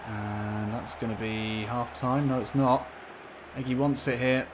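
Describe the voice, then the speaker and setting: A man narrates his own football video game match like a match commentator, rising with excitement as the chances come. His voice sits in a middle range. A faint hiss runs under the recording. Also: mid-range voice, measured pace. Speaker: gaming YouTuber. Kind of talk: gameplay commentary.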